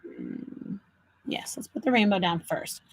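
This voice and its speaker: A woman hosting a live card-making demo, chatting with viewers and talking them through each step as an animated storyteller. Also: on the low side, unhurried, gravelly, no echo, low-quality recording. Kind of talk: live crafting demo chat.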